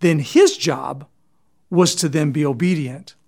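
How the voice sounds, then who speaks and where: A man preaching a sermon as pastor, earnest, swinging from raised, emphatic lines to quiet, low ones. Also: unhurried, creaky. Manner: earnest preaching with dramatic rises and drops in pitch and volume.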